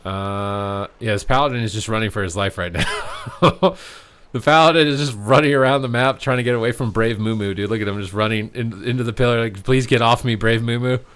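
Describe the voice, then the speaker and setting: A man giving slangy, joking live commentary on an esports match, yelling at the big plays. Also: on the low side, a little fast, clean tone. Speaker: streamer casting an esports match.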